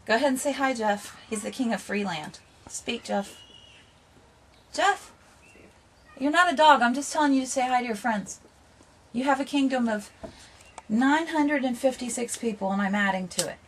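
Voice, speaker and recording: A woman's voice: a little high, a little fast, a little hiss or hum. A woman hosting a casual home vlog, rambling and playfully bossy as she chats. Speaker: vlog host. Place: home room with ambient noise.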